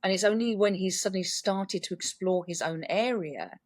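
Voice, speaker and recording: A woman's voice: mid-range voice, normal speed, dry recording, studio quality. Chatty woman podcast host. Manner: chatty, friendly, self-deprecating. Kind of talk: casual interview chat.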